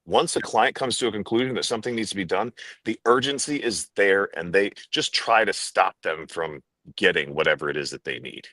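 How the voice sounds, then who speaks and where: A man's voice: sits low, a little fast, pushed and bright, dry recording. A man speaking as a sales trainer guest on a podcast, emphatic and demonstrative, driving his points home with stress. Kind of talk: animated podcast talk.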